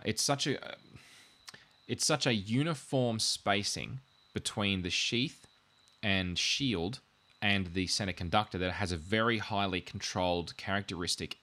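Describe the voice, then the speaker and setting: Bright-voiced man explaining tech, rambling. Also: low voice. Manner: rambling, self-deprecating, jokey asides; wired, says he has had too much coffee. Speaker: podcast host explaining networking. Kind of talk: casual technical explainer chat.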